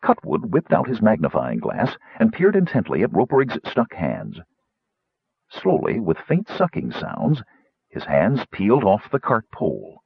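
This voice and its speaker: A male audiobook narrator with a low, husky voice who reads with a very lively, expressive rise and fall. The recording is close and dry with no room sound, and the sound is a little dull. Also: measured pace, dry recording. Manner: expressive, voices each character.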